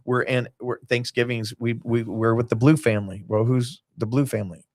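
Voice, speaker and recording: A man's voice: mid-range voice, fairly even intonation, normal speed, a little mellow, no echo, studio quality. Rambling man telling stories. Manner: rambling storyteller, jumps between tangents, acts out quotes. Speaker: guest, basketball team owner. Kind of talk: casual podcast chat.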